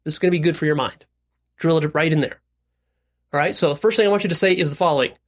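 A man's voice: on the high side, fast talker. A man hosting a self-help video, talking bluntly to the viewer and leading repeat-after-me affirmations. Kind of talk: direct-to-camera self-help talk.

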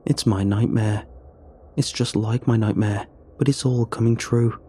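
A man narrating a first-person horror story in a measured, suspenseful reading. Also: medium pitch, fairly even intonation, warm tone, breathy edge.

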